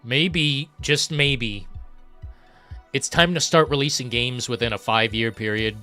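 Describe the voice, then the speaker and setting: A frustrated man vents on his live stream, cursing freely and lurching between low grumbles and sudden shouts. His voice sits at an ordinary pitch with a bright, forceful edge. Soft background music plays faintly under him. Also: unhurried. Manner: frustrated, profane, swings from muttering to shouting; reads chat messages aloud. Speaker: livestream host. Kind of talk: ranting live chat.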